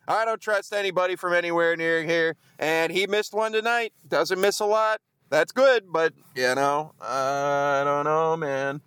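Out in the cold, a fan vlogger grumbles through a profane post-game rant. His voice sits high with a fairly bright, smooth tone and no echo.

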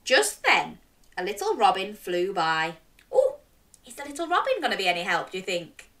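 A woman reading a picture book aloud to young children, animated and interactive, coaxing the listeners to join in. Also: mid-range voice, normal speed, recorded from a distance. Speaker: children's storyteller.

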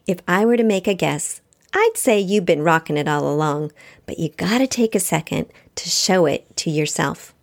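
A woman's voice: fairly low pitch, animated, moderate pace. A breezy, reassuring encourager with a put-on Australian accent, as a woman podcaster does the voice. The figure is cheery and upbeat.

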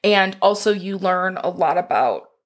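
A woman's voice: fairly low pitch, expressive, unhurried. Bubbly woman podcast co-host. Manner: bubbly, laughs often. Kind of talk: casual chat.

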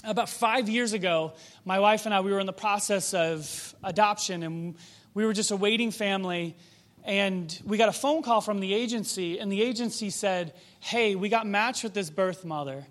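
A man with a notably high speaking voice delivers a sermon. He talks conversationally and reflectively, leaning on rhetorical questions as he teaches. His tone stays relaxed and personal, as if speaking directly to the people in front of him. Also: moderate pace. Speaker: preacher.

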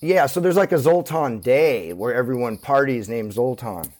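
Animated and at a moderate pace, this medium-pitched man is a skateboarder from Santa Cruz, California, guesting in a casual interview. He's an easygoing, rambling storyteller with many fillers. Heavy background noise is present.

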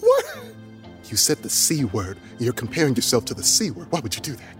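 Guy in a tabletop game getting all flustered and stammery, lively voice. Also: medium pitch, a little fast, soft background music. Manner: flustered, stammering when excited. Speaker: player. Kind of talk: in-character tabletop role-play.

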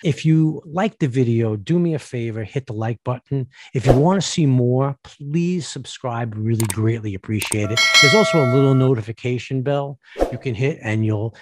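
A man's voice: mid-range voice, normal speed. A man ranting to camera as a vlogger, sarcastic and mocking, often stumbling and repeating words. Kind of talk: ranting commentary.

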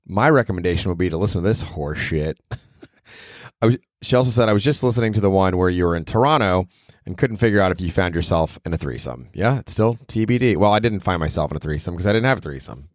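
Male comedy podcast host, very low voice, rambling and crude, dry close sound. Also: dry recording. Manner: rambling, profane, self-mocking. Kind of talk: casual solo podcast monologue.

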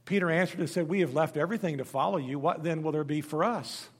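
A male pastor preaching a sermon and telling stories, moving between loud emphatic lines and hushed, low passages. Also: fast. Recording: long hall reverb.

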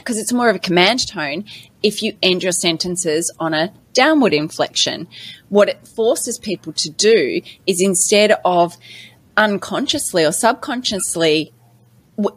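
Woman, Australian accent, podcast co-host, explaining, husky, dry close sound. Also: lowish voice, fairly bright tone, dry recording. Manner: explanatory, playful. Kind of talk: casual chat.

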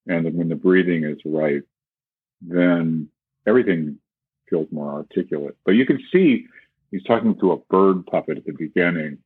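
A man who teaches flute chats about breathing, illustrating with sung syllables and imitated voices. His low voice is slightly rough, with no room sound, and the audio is tinny like a phone call.

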